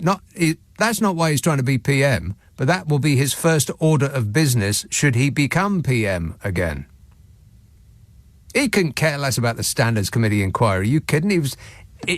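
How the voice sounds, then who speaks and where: A male radio phone-in host talking in a sardonic, mocking, quick-witted way. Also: medium pitch, no echo. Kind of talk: casual radio chat. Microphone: studio microphone.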